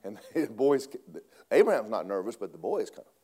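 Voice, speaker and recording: A man preaching a sermon, swinging between loud emphatic lines and hushed asides. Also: on the low side, sing-song, a little fast, slightly rough.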